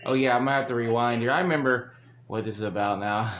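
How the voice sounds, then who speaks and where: A man's voice: mid-range voice, fast, a bit bright, lo-fi sound. A man hosting a reaction video, ranting angrily with heavy swearing and bursts of laughter. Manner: angry, swearing, laughs between rants. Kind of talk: profane ranting commentary. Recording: echoey room.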